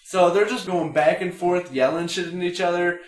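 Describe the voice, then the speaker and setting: A young man with a high voice tells a crude story among friends, swearing freely and acting out the people in it. The sound is roomy and echoey. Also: normal speed, faint music behind. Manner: profane, animated, acts out quotes.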